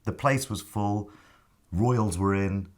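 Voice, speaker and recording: An actor telling a lively backstage story in a casual interview, acting out what people said. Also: male voice, on the low side, slow pace. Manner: animated anecdote-telling, acts out his own past lines. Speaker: actor guest.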